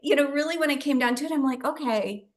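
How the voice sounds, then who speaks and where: A woman's voice: high voice, very fast. Chatty, laughing woman medium telling her story. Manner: animated, chatty, laughs often, acts out her own past words. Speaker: guest psychic medium. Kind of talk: casual storytelling in a talk show interview.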